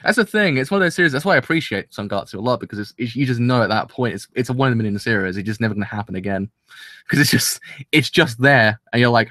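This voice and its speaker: Young male reviewer, rapid excitable rambler, dry close-mic sound. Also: fairly low pitch, dry recording. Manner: rambling, excitable, full of restarts and "kind of". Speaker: anime reviewer. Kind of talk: casual episode review.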